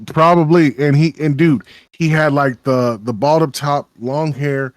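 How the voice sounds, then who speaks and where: A man's voice: fairly high pitch, fairly even intonation, unhurried, dry recording. A man with a Texas accent co-hosting a podcast, rambling in casual chat with lots of swearing and restarts. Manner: rambling, profane, many restarts. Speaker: podcast co-host.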